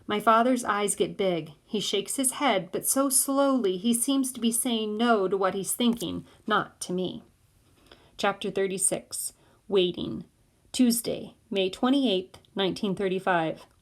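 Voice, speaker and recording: A woman reading a novel aloud in steady first-person narration. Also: mid-range voice, measured pace. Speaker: audiobook reader.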